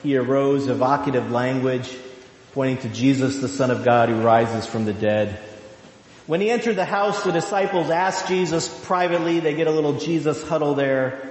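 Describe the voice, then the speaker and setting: A male pastor giving a sermon, slow and emphatic, with drawn-out phrases. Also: mid-range voice, a little mellow. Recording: echoey hall.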